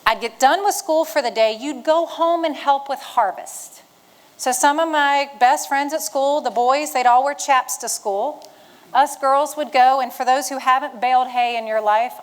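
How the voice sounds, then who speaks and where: A middle-aged woman tells stories from the stage in a somewhat high voice. She is folksy and humorous, and she draws her listeners in like a retired Marine speaking to a room of fellow veterans. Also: rough recording. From western Virginia, Shenandoah Valley. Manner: folksy and humorous, rallying the audience. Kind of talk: storytelling speech to an audience.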